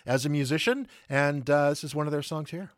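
A man's voice: a little fast, no room sound, clean studio sound. Man hosting a campus radio show. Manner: loose, unscripted, friendly pitch to listeners. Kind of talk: on-air fund drive appeal. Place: radio studio. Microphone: studio microphone.

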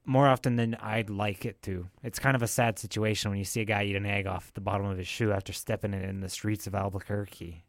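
A man's voice: lowish voice, little pitch movement, quick pace, hardly any pauses, no room sound, clean studio sound, voice pushed down, natural voice. A man putting on a shifty accented vlogger. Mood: deadpan. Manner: wavering put-on accent, defensive. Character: shifty accented male vlogger, touchy and evasive. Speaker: comedy sketch character.

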